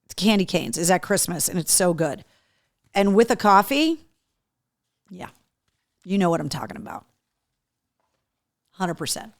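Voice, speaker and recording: A woman's voice: lowish voice, measured pace, pauses often. A woman hosting a live talk show, chatting casually while opening gifts and cooing at a dog. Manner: animated, coos and baby-talks to a dog.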